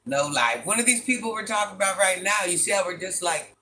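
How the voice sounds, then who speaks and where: A man, chatting casually on a livestream, animated and exasperated, firing off rhetorical questions and laughing often. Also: sits high, fast, slight background noise. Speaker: livestream host reading chat.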